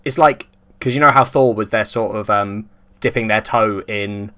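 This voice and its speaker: Male podcast co-host, deadpan sarcasm, low-pitched, casual. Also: moderate pace, smooth. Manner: dry, sarcastic. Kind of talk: casual film discussion.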